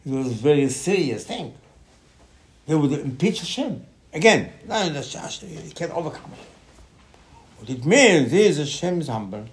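Animated man teaching Torah. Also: moderate pace, long pauses. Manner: animated, repeats words, leaps in pitch. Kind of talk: Torah class.

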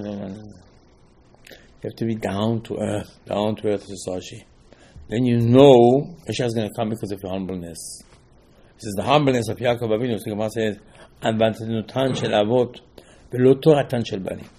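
A man giving a Torah class as a rabbi, in halting, with emphatic restarts. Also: mid-range voice, darkish tone. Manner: non-native English, halting restarts, rising emphasis.

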